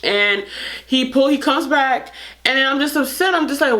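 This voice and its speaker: A woman's voice: sits high, expressive, moderate pace, a bit bright. Earnest woman vlogger telling a story. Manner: earnest, frustrated, restarts sentences often. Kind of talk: casual storytelling to camera.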